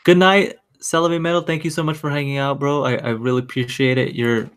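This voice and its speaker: A man's voice: medium pitch, steady tone, fairly quick, a bit bright, clear, resonant tone. A man co-hosting a casual livestream, easygoing and a little hesitant, with frequent ums. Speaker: livestream co-host. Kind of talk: casual live chat.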